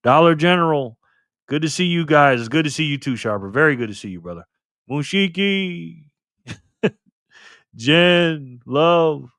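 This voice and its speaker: A man's voice: on the high side, expressive, measured pace, long pauses, fairly bright tone, no echo, studio quality. A man hosting a casual live stream, reading out the chat, greeting viewers by name and laughing often.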